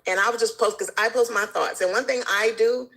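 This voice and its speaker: A woman's voice: a little high, steady tone, a little fast, vocal fry, fairly bright tone, rough recording. A woman guest in casual conversation, telling stories animatedly and acting out the people she quotes. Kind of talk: casual chat.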